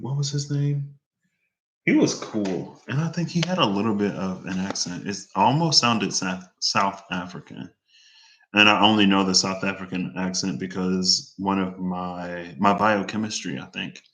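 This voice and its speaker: A man rambles casually to his viewers, wandering from thought to thought with plenty of fillers. His voice is fairly low but bright and forward. He slips into higher tones when acting out what others said. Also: a little slow. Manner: chatty, meandering, quotes others in raised voice. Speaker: vlogger.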